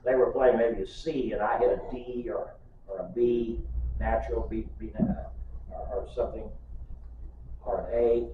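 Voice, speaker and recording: A man's voice: medium pitch, steady tone, normal speed, noisy background. An older man preaching a sermon as pastor, telling folksy stories with humor. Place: church sanctuary. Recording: distant, echoey, muffled church recording.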